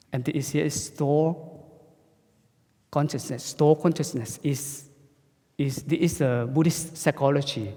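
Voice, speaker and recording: Male Buddhist monk; soft, halting dharma talk in a hall with long reverb. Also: a little high. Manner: halting, simple English with frequent restarts.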